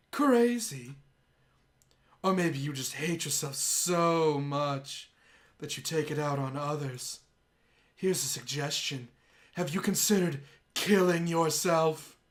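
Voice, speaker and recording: A man voicing an obsessive, soft-spoken young woman, reading visual novel dialogue aloud in a hushed, intense voice. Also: fairly high pitch, natural voice.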